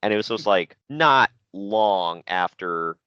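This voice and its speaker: A man's voice: fairly low pitch, animated, takes it slowly, sharp tone, clear, resonant tone, dry recording. Man telling stories, lo-fi sound. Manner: laughing storyteller, loose and rambling. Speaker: podcast co-host. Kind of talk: casual chat.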